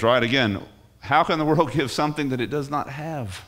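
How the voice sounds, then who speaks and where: A man's voice: medium pitch, normal speed, a bit bright. Man preaching an emphatic sermon. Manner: emphatic, rising on key phrases, restarts words. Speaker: pastor. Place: church.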